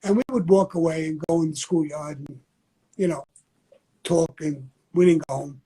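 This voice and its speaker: An older man with a mellow, warm voice. He speaks bluntly in a loose, conversational interview style, circling back and repeating his points. His pitch sits a little high for a man. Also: moderate pace, slightly rough, rough recording. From New York. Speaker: interview guest. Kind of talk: candid interview talk.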